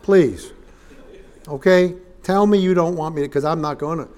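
Before a live congregation at a church service, a traveling preacher opens his sermon with folksy jokes, calls for amens, and addresses listeners as "neighbor." His voice sits on the high side with a darkish tone and a moderate pace.

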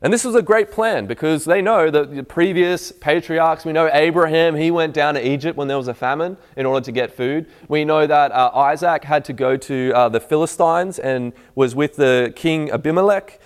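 A man preaching a sermon. He reads scripture aloud and explains it, sometimes quietly and sometimes with raised, emphatic delivery. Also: on the high side, moderate pace, hardly any pauses. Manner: swings from hushed reading to raised, emphatic preaching.

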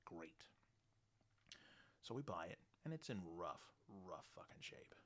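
A man telling a story casually, blunt and animated, swearing freely. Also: deep voice, moderate pace.

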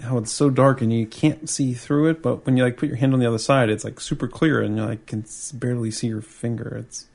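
A man's voice: medium pitch, steady tone, fairly quick, gravelly, few pauses, a little mellow. A man co-hosting a podcast, talking about beer in a casual, easygoing way that rambles with fillers. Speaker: podcast co-host. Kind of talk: casual beer-tasting chat.

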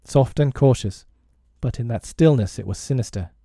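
Mellow-voiced man reading a storybook. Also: medium pitch, normal speed, vocal fry, no echo, clean studio sound. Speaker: audiobook reader. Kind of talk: storybook narration.

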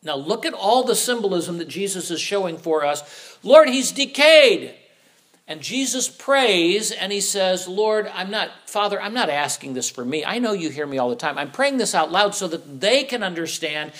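This middle-aged pastor has a high, fairly bright voice and talks animatedly at a normal speed. Preaching a sermon, he poses rhetorical questions and acts out the voices of the people he quotes.

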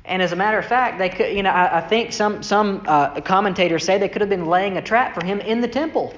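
Conversational preacher in an echoey hall. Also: fairly quick. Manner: conversational, asks rhetorical "right?" questions; acts out quoted speech with shifts in pitch. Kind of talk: sermon, reading scripture and explaining it. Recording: echoey hall, dull lo-fi sound.

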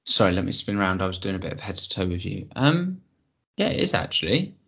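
Man, very deep voice, gravelly, chatty podcast advice, dull lo-fi audio. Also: very animated, brisk, bright, forceful tone. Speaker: podcast co-host. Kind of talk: casual chat, answering a listener question.

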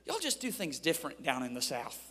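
A man's voice: mid-range voice, huge pitch swings, a little fast, in a large hall, heavy background noise. A man from Ohio preaching at a youth camp, telling funny stories with playful folksy asides to the crowd. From Ohio, USA. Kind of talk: humorous sermon storytelling.

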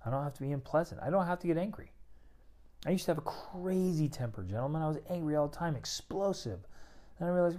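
Warm in tone, animated and fairly fast, this middle-aged man's voice leans high. He coaches men on relationships in an emphatic, sermon-like motivational talk, voicing the inner thoughts of the people he describes.

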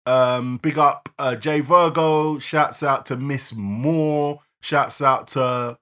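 A man co-hosting a casual live-streamed podcast, bantering and reeling off shout-outs to listeners. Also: mid-range voice, steady tone, takes it slowly, clean tone. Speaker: podcast co-host.

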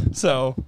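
High, animated laughing man telling a story. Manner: animated storyteller, acts out quotes, laughs a lot. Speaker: podcast co-host. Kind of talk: casual podcast storytelling.

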